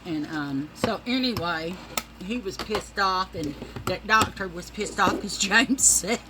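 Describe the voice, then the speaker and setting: A woman's voice: medium pitch, a little slow, very noisy. A middle-aged woman, telling rambling, profane stories in a casual monologue and calling her listeners y'all.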